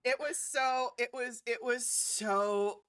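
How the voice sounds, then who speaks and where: A woman in casual chat, laughing a lot and talking slowly as she explains herself. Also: a little high, steady tone, a bit bright, clear, resonant tone, far from the mic.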